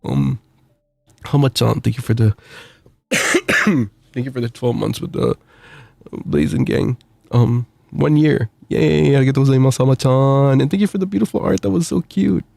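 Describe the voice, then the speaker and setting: A man's voice: mid-range voice, normal speed, gravelly, a little mellow, no room sound. A man streaming while sick with the flu, cheerfully reading out viewer messages with little laughs and stammers. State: sick with the flu, itchy throat. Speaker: VTuber streamer.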